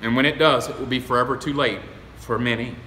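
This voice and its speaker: A man preaching a sermon as pastor, folksy and emphatic, rising to loud exclamations. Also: medium pitch, steady tone, fast talker, a little hiss or hum. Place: church sanctuary. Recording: echoey, reverberant hall.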